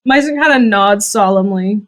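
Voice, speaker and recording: An easygoing woman runs a tabletop game as game master, narrating scenes in a relaxed way. She laughs often between lines. Her voice sits in a middle pitch. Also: moderate pace.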